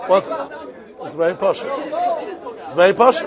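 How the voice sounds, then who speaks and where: A man's voice: sits high, animated, brisk. A man teaching a Talmud lesson, repeating phrases and posing and answering his own questions. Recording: dull lo-fi recording with faint crowd.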